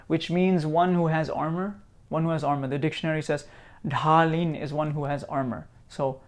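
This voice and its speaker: A man from India teaching Sanskrit sounds, repeating each sound slowly and patiently. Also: a little high, fairly even intonation. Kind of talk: slow teaching, pronouncing sounds aloud.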